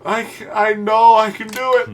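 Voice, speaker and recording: A woman's voice: a little high, flat delivery, normal speed, slight background noise. A young adult woman streaming a game live, swearing and pleading at it in exasperation. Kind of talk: live-streamed gameplay chat.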